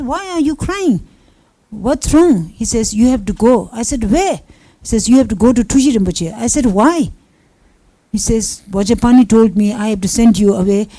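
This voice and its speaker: A woman's voice: a little high, warm tone, no echo, low-quality recording. A woman giving a Buddhist teaching talk, telling personal stories in simple non-native English and acting out the quoted dialogue. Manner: storytelling with acted-out quoted dialogue.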